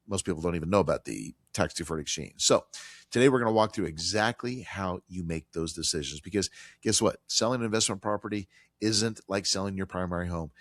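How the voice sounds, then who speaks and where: A man with a very low, deep voice hosts a financial talk show. He keeps it conversational and animated, slipping into quoted voices as he walks through the scenarios. The sound is dry and close, with no room echo at all. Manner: animated, acts out landlord and tenant quotes. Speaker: radio show host.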